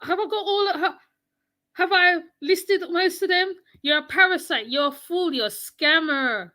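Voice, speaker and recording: A West Indian woman hosting her channel, delivering scolding reaction commentary. Her voice sits high and sounds bright and sharp. She talks slowly and repeats each jab for emphasis. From West Indies. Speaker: channel host.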